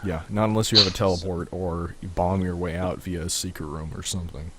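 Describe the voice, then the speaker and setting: A man's voice: low voice, fairly even intonation, fairly quick, very noisy. A man co-hosting a podcast, explaining game mechanics in a chatty, rambling way. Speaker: podcast co-host. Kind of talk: casual gaming chat.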